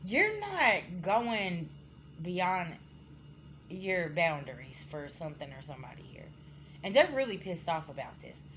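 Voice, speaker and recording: A spiritual card reader whose animated voice sits low speaks at a moderate pace, with slight background noise. She gives viewers a casual, blunt, scolding reading, swearing freely and peppering it with "okay?" checks as she addresses them directly.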